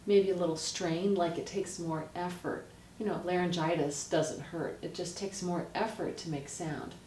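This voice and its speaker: A woman, a vocal coach, explaining how to speak healthily in a lively, direct teaching manner. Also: on the low side. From United States. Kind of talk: instructional explanation with voice demonstrations. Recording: roomy, distant mic, faint noise.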